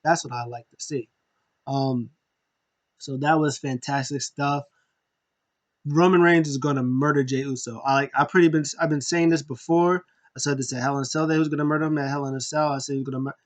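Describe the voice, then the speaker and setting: Excitable young man recapping wrestling. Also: on the high side, a little fast. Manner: excitable, acts out scenes in raised voices. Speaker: wrestling show reviewer. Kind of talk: casual recap commentary.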